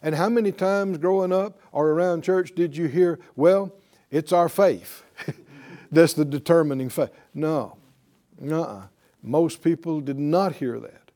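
A man's voice: on the high side, warm tone. A man preaching a sermon, reading scripture aloud and pressing his point with emphatic rhetorical questions. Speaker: pastor.

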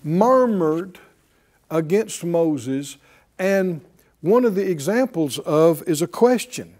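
Preacher guy teaching scripture, high voice that swings all over, takes his time. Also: lively intonation, slow pace, darkish tone. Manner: conversational, asks the audience questions, chuckles often. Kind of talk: sermon teaching.

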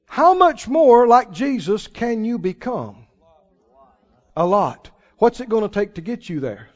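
A high-voiced pastor preaches a sermon animatedly in a big echoing hall, asking the congregation questions. The recording is dull and lo-fi, with long hall reverb.

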